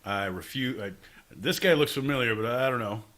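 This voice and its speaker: Goofing around with his friend, this male podcast co-host trades teasing comedy banter and keeps slipping into silly voices. He speaks at a moderate pace with a medium pitch and a fairly bright tone.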